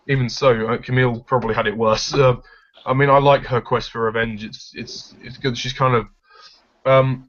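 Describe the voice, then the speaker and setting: A film reviewer gives his blunt, opinionated take on a movie in a casual discussion. His mid-range voice has a fairly bright tone, and the lo-fi recording sounds dull.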